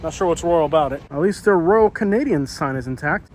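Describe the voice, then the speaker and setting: A man talks his way through a walking outdoor vlog, loose and rambling, full of ums and uhs. His voice sits a bit high for a man. Faint street noise hums behind him. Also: animated, a little fast, a little mellow. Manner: chatty, rambling with many fillers. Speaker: YouTuber. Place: outdoors on a storm-damaged street.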